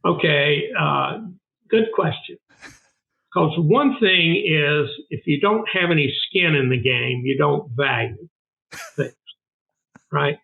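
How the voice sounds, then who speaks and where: A man's voice: on the high side, takes it slowly, creaky, pauses often. An older man with a Southern US accent, a guest telling earnest, emphatic stories in a casual interview. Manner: emphatic, earnest, repeats for stress. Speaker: guest, food bank founder. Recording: narrow phone-like sound.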